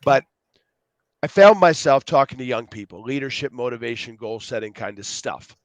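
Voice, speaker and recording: A man speaking as a podcast guest in a mid-range voice, animated and talkative. He acts out the people in his stories and drifts between tangents. The sound is dry, with no room echo. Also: medium pitch, normal speed, highs cut off. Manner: rambling, jumps between tangents. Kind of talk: casual storytelling interview.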